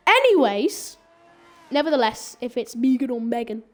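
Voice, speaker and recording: A woman's voice: a little high, measured pace. Chatty, rambling female race commentator. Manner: rambling, chatty, stumbles and corrects herself. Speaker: sim racing commentator. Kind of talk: live esports race commentary.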